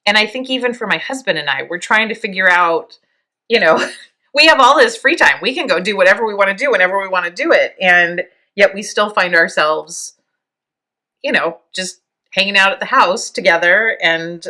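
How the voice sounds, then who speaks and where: A woman in her fifties hosting a podcast, speaking in a reflective, halting way, close to tears and laughing softly now and then. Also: medium pitch, animated. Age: 50s. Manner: soft, halting, near tears, with small laughs. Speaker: podcast host. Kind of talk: reflective personal monologue.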